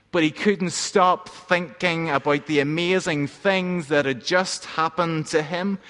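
A pastor telling a gentle story in a sermon, letting line endings fall soft. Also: male voice, a little high, in a large hall.

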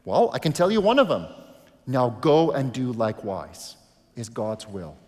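A man preaching a sermon as a pastor, telling a story and rising into loud, emphatic bursts. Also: mid-range voice, huge pitch swings, normal speed. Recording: long hall reverb.

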